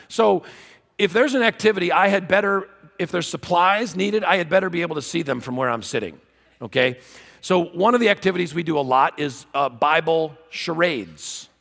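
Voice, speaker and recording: A man giving a humorous teaching talk to a live audience, an animated and self-mocking storyteller. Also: a little high, brisk, gravelly. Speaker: conference speaker. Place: large conference hall. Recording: long hall reverb.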